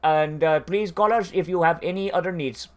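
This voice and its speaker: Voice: medium pitch, moderate pace, lightly acted. A speaker voicing a bored male call-center operator with an Indian accent and polite, scripted patter. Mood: bored politeness.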